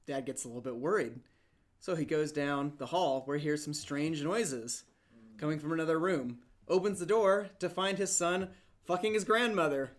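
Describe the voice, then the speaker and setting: A man on a casual podcast panel telling a crude joke, raising his voice for the quoted characters. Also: on the high side. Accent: Australian. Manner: quoting characters in raised voices.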